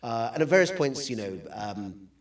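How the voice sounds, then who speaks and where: A man's voice: mid-range voice, sing-song, normal speed. Dry, wry male lecturer, distant mic. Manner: dry, wry humor with frequent fillers. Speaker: guest lecturer. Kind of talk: public lecture with slides.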